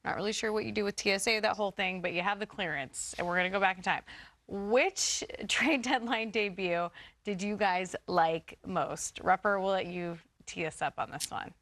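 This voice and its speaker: A woman's voice: medium pitch, normal speed, a bit bright, no room sound. Laughing woman hosting sports talk. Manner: playful, laughs often, steers the segment. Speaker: studio host. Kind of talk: casual sports talk show banter.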